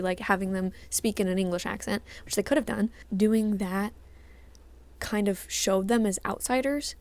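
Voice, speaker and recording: A woman's voice: medium pitch, gravelly, darkish tone. A woman reviewing movies in a casual video commentary, chatty and full of filler words.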